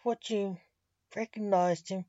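A woman reading the lines of a male grim reaper king in a storybook in her plain voice, slow and dry on a dull lo-fi recording. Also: mid-range voice, fairly even intonation, warm tone, no room sound, natural voice.

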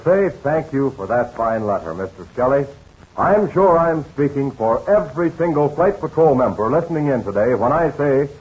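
A male announcer on a 1930s radio serial, friendly and melodramatic. His pitch is a little high and swings widely as he introduces each scene. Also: darkish tone, rough recording.

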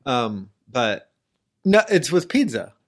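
A man's voice: mid-range voice, very animated, slow pace. A man co-hosting a podcast in casual chat, drawling and questioning, playfully stubborn. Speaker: podcast co-host.

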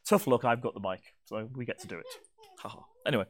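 A man's voice: mid-range voice, fast talker. A man preaching a sermon to his congregation, playful and teasing. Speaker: pastor. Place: church hall.

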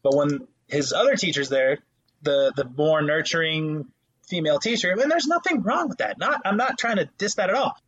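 Animated, husky young man telling stories. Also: on the high side, normal speed, muffled recording. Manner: animated storytelling, swears a lot, acts out voices. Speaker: podcast co-host, substitute teacher. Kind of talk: casual chat.

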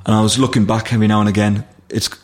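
This middle-aged man from Nottingham, England, is a firefighter appearing as an interview guest. His voice sits on the low side with a level tone, and he races through a vivid story, restarting sentences and using plain dialect grammar.

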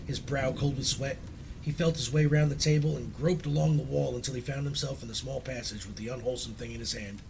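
A man reading a classic horror story aloud in a measured, solemn way. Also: medium pitch, steady tone, vocal fry, a crowd in the background, low-quality recording.

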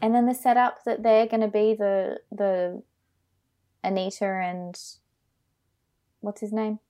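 A woman's voice: mid-range voice, level tone, slow, mellow. An Australian woman co-hosting a podcast, giving blunt, emphatic opinions in a casual film chat. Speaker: podcast co-host.

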